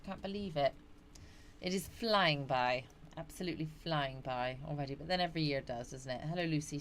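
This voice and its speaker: Chatty woman, middle-aged, lowish voice, livestream host reading out comments, faint background hiss. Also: a bit bright. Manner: chatty, greets viewers by name, frequent yawns and laughs. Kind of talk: casual live chat reading out viewer comments.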